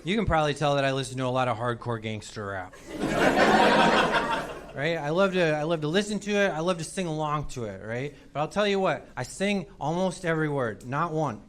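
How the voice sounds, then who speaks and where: A man's voice: a little high, lively intonation, moderate pace. A man in his forties doing a self-deprecating stand-up set on a comedy club stage. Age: 40s. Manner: self-deprecating, sheepish storytelling. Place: comedy club stage before a live audience. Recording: loud laughing crowd, noisy club.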